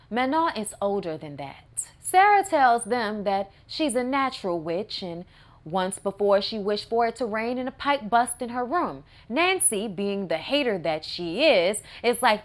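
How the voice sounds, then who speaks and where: A woman's voice: medium pitch, sing-song, unhurried. A woman reviewing a movie in a casual recap with sassy, wry asides.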